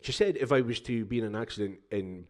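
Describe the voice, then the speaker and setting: A man's voice: on the low side, quick pace, darkish tone. A man co-hosting a podcast, joking and teasing in casual banter. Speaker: podcast co-host.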